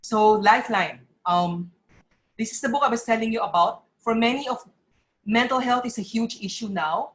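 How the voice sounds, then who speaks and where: A woman's voice: on the high side, fairly quick, a bit bright, poor audio. A middle-aged woman gives an earnest, emotional talk at a parents' forum, and her voice sometimes breaks.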